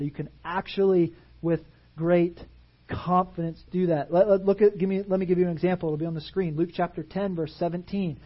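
A man preaching a sermon in a church, animated and full of rhetorical questions to the congregation. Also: high-pitched, moderate pace, breathy edge, highs cut off. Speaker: pastor. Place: church sanctuary.

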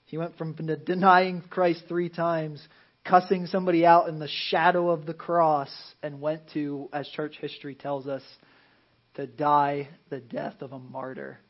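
A male pastor preaching a conversational sermon. He drops to a hush for emphasis and acts out Bible scenes in playful voices. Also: on the high side, level tone, measured pace, highs cut off.

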